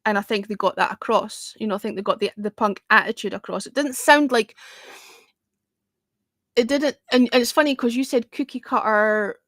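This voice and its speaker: A woman hosting a music review livestream, talking in a rambling, casual way and dropping the odd swear word. Her voice sits a little on the high side for a woman. The sound is dry and close, with no room echo. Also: normal speed, a bit bright. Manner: chatty, rambling, peppered with "you know" and the odd swear word.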